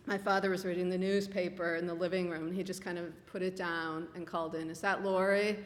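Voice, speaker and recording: Woman author from Minnesota, low voice, dry unhurried anecdotes, in a hall with long reverb. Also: level tone. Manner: wry, unhurried storytelling. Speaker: author guest. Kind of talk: conversational storytelling. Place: public library event room.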